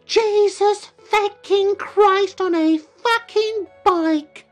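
A man's voice: very high voice, extremely slow, faint music behind, voice pushed up, exaggerated voice. A man voicing a scornful, foul-mouthed little girl of about nine, shrieking insults. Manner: swears constantly, shrieking insults.

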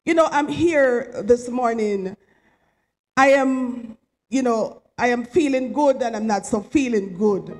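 A woman's voice: on the high side, slow pace, rough recording. A woman giving an emotional, rambling, heartfelt tribute at a memorial service, near tears at times. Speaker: eulogy speaker at a memorial service.

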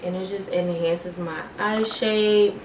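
A woman's voice: lowish voice, steady tone, slow. Chatty young woman in an echoey room. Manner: chatty, addresses viewers as y'all and girl. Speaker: beauty vlogger. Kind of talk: casual makeup tutorial chat. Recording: echoey room, faint noise.

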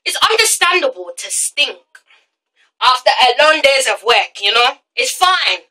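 A woman's voice: sits high, big pitch swings, measured pace, bright, forceful tone, poor audio. Ranting teen girl. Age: teens. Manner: heated ranting, stammering restarts, exasperated. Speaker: vlogger. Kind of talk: ranting vlog. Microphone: phone held at arm's length.

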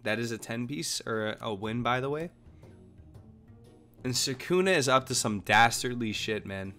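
A young man streaming, chatting casually and joking while he plays, his voice hoarse. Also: mid-range voice, normal speed, soft background music. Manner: lively, chatty, jokey. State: hoarse, coughing. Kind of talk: casual chat while gaming.

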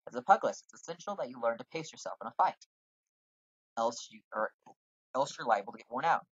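A man's voice: medium pitch, expressive, fast talker, breathy edge, dry recording, highs cut off. A man putting on a lecturing guildmaster.

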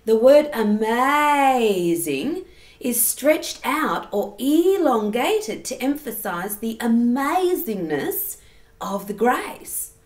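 A woman's voice: on the high side, very animated, slow pace, darkish tone, roomy sound. A woman giving a singing lesson, explaining step by step and breaking into sung examples. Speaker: singing teacher.

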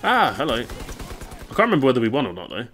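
A man's voice: medium pitch, wildly swooping pitch, brisk, fairly bright tone, a little hiss or hum. A young man chatting casually and rambling over gameplay, swearing and reacting aloud to the game. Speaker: gaming YouTuber.

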